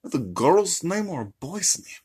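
A young man putting on an accented cartoon supervillain father who is overprotective and gruff. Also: on the high side, very animated, normal speed, a little mellow, pitched above the performer's own voice, heavily acted. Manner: exaggerated foreign accent, gruff.

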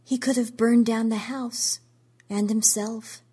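A woman's voice: fairly high pitch, fairly even intonation, slow pace, mellow, slightly rough, pitched above the performer's own voice, heavily acted. A woman reading as a frightened, pleading woman. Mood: distraught. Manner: pleading, anxious, voice rising. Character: frightened desperate woman, mother figure.

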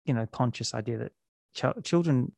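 A man's voice: medium pitch, moderate pace, creaky, darkish tone, no room sound. A man hosting a podcast, asking rambling questions with dry sarcastic asides. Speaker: podcast host. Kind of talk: casual interview talk.

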